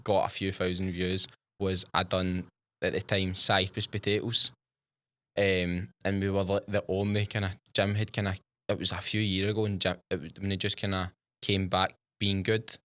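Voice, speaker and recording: Young scottish guy, low-ish voice, slangy chatty storytelling on a podcast. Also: a bit bright, dry recording. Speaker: guest, chip shop worker and TikTok creator. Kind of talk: casual podcast chat.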